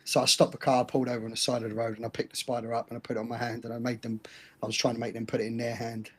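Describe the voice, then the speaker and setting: This middle-aged podcast co-host speaks rapid-fire in a husky, mid-range voice with completely flat delivery. He tells stories bluntly on a casual show, laughing often and swearing mildly.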